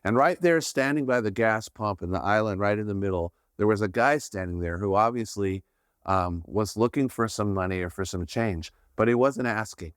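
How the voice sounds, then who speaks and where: A man's voice: lowish voice, moderate pace, clean tone, no echo. Man, podcast host, earnest faith teaching, conversational, close dry sound. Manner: earnest, frequent "right?" check-ins.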